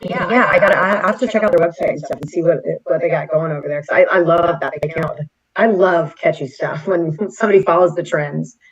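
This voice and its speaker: A co-host on a casual talk show who keeps agreeing and backing the host up with frequent affirmations. The voice sits in a middle pitch, and the recording sounds dull and lo-fi. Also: quick pace.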